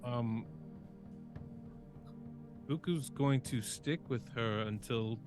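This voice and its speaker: A man at a tabletop game lays out his plan haltingly, with many pauses. Faint music plays underneath. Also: medium pitch. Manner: hesitant, fillers. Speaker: player. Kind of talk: tabletop role-play chat.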